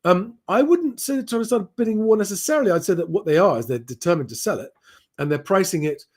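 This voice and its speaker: A man's voice: high-pitched, animated, fast talker. A man hosting a live property Q&A, reading out viewer comments and answering them in a chatty, plain-spoken way with frequent ums. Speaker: property advice host.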